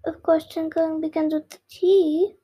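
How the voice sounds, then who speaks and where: Sharp-tempered storybook king, read by a child, high and mellow, slow reading. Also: flat delivery. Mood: stern.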